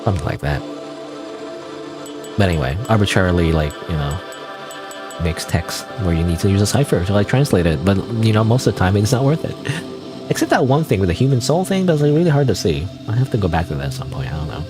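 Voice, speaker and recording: Low-voiced man rambling over game music. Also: very animated, fast. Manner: rambling, full of "like" and "you know". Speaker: game streamer. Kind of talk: casual let's-play commentary. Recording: game music playing under voice.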